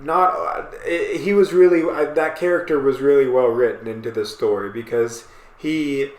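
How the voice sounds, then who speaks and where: A man co-hosting a casual podcast chat, talking in a rambling, animated way and often breaking off mid-thought. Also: medium pitch, moderate pace. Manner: rambling, animated, self-interrupting. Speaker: podcast co-host. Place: small apartment room. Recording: echoey room.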